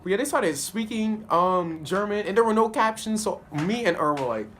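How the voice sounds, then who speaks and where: A man giving a casual spoken review of a TV episode, animated and slangy, often laughing. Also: sits high, moderate pace, slight background noise. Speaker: TV show reviewer.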